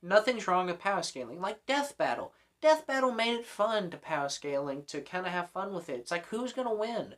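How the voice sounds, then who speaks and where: A man's voice: high voice, very animated, brisk, few pauses, a bit bright. A young man hosting a commentary vlog, ranting in an exasperated, sarcastic way with plenty of swearing. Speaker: host.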